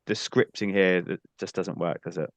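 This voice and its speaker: A man, a podcast guest talking about a film in a relaxed way with dry humour. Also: deep voice, moderate pace, dry recording, highs cut off. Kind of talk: casual film discussion.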